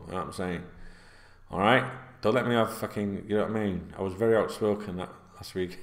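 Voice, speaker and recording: Bloke rambling at home, swears a lot, lowish voice, echoey room. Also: male voice, a little fast. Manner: chatty, sweary, with many fillers. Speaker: football vlogger. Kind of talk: casual rambling monologue. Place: indoors at home, seated. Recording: roomy echo.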